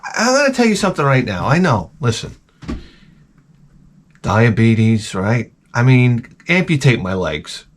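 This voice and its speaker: A middle-aged man hosting his own channel, giving a crude, profane comedic rant that swings from mutters to shouts. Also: medium pitch, sing-song, a little slow, a little hiss or hum. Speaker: channel host.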